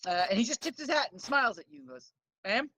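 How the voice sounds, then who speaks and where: Lively woman dungeon master, high voice. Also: very fast, poor audio. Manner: laid-back, laughing, lots of fillers. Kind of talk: narrating a tabletop game.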